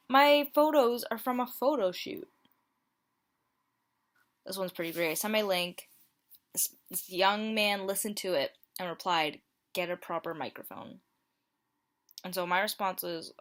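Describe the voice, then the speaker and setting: A woman's voice: lowish voice, normal speed, long pauses, fairly bright tone. A young woman in her twenties reading out dating-app messages in a playful, self-mocking vlog. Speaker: YouTuber. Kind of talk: casual vlog commentary. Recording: home mic, plain audio quality.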